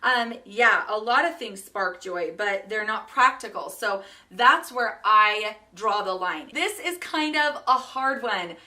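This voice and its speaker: A woman in her thirties chatting casually in a home vlog, upbeat and quick to laugh, sorting through her things. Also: mid-range voice, animated, pushed and bright, distant mic. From Utah. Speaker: home organizing vlogger.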